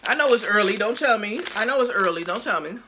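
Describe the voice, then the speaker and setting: A woman chatting casually to her viewers in a haul video, lively and exclamatory, talking straight to the camera and sometimes while chewing. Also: mid-range voice, fast talker, background noise. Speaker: haul vlogger. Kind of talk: casual haul vlog chat.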